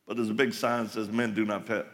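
A man preaches at a live conference, his voice gravelly and rough. He tells stories in a folksy way, full of asides to the crowd. The sound rings out with long reverb in a large hall. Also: fairly low pitch, little pitch movement, quick pace, fairly bright tone. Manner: folksy storytelling with laughs and asides. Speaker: conference speaker. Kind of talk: live sermon to men.

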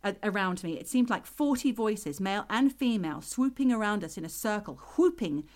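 A woman's voice: medium pitch, animated, fairly quick, a little mellow. Woman vividly telling a ghost story. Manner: vivid storyteller who acts out voices.

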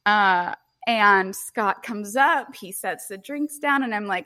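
A woman's voice: medium pitch, slow pace. Laughing, chatty young woman telling a story. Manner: animated, laughing often, swears freely. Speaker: podcast co-host. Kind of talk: casual storytelling chat.

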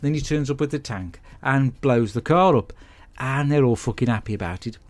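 Male podcast host, deadpan and sweary, dry comic film recaps. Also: mid-range voice, normal speed. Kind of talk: comic film review monologue.

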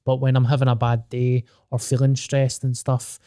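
A man's voice: mid-range voice, monotone, moderate pace, dark tone, smooth, dry recording. Scottish man, young adult, podcast host, sweary, candid, dry close sound. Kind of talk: casual podcast chat.

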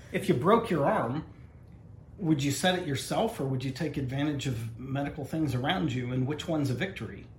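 A man's voice: mid-range voice, normal speed. Wry teasing man co-host, roomy sound. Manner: teasing, wry, tells history anecdotes. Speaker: podcast co-host. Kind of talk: casual chat. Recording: roomy with faint noise.

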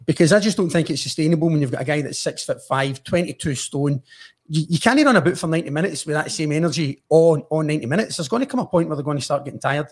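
Quick, eager Scottish man, slightly high voice, rambling pundit chat. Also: husky. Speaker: podcast co-host. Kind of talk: casual chat.

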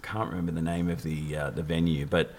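A man's voice: a bass voice, level tone, a little fast. A man hosting a casual interview, joking, teasing and giggling at his guest. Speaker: interviewer, host.

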